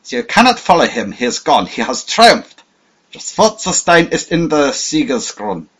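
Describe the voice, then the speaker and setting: A man reading an older male spy who is cold, calculating and falsely smooth, in an audiobook. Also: mid-range voice, big pitch swings, moderate pace, a bit bright, voice pushed up, full character voice. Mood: triumphant.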